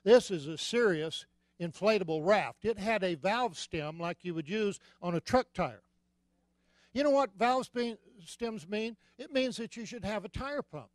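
A man preaching a sermon as a comic, animated storyteller who sometimes bursts out loudly. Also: sits high, measured pace, no room sound. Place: church sanctuary.

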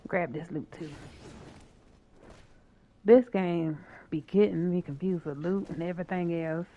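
A woman's voice: on the low side, fairly even intonation, a little slow, phone-quality sound. A woman streaming a co-op video game, chatting playfully and swearing while she plays. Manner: playful, swears and laughs often. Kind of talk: casual gaming chat.

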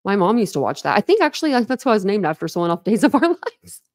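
Woman streamer, mid-pitched, loose and candid, rambles to her chat and laughs at herself. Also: big pitch swings, rapid-fire. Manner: laughs often, self-deprecating. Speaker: livestream host. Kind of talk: casual livestream chat.

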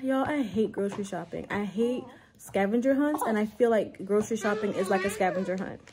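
Chatty young mom vlogging over noise. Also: female voice, mid-range voice, fairly quick. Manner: animated, frank, talks with lots of "like". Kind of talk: casual vlog chat.

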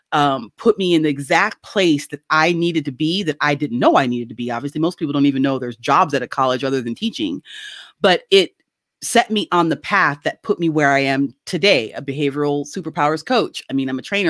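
A middle-aged woman telling a casual story on a video call, animated and laughing often as she acts out quoted voices. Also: deep voice, no echo, clean studio sound. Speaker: guest.

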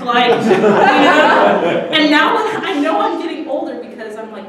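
Young woman comic, high lively voice, echoey room with the mic far off, audience clearly audible. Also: moderate pace, few pauses, over a noisy crowd. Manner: chatty, giggly, swears freely. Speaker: stand-up comedian. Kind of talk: stand-up comedy set. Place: small restaurant comedy stage. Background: audience reacting.

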